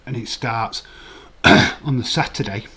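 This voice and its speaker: A man's voice: mid-range voice, takes it slowly, bright, forceful tone, husky. A man hosting a casual live stream, rambling and chuckling while reading the chat. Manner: rambling, chuckling, chatty asides.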